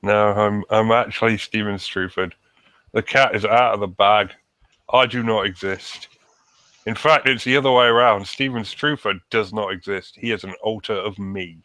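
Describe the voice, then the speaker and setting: A man with a British accent, co-hosting a podcast with deadpan, sardonic jokes. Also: lowish voice, normal speed, dry recording. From Britain. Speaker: podcast co-host. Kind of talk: casual banter.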